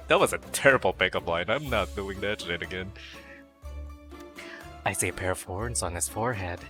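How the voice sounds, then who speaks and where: A man reading a dating sim aloud on stream, breaking off into playful, crude jokes and silly noises. His voice sits a little low but has a bright, forward edge. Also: normal speed, long pauses, faint music behind. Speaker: VTuber game streamer.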